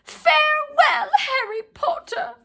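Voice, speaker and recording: A woman voicing a small, fiercely loyal male house-elf with a shrill, squeaky voice. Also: takes it slowly, vocal fry, pushed and bright, heavily acted. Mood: overjoyed.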